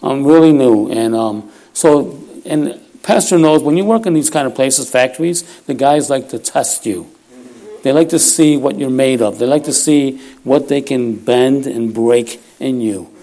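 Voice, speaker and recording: A man's voice: medium pitch, a little slow, mellow. Folksy man preaching with stories. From Puerto Rico heritage. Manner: folksy, self-deprecating, often laughs while talking. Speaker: lay preacher. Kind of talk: sermon with storytelling. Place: church.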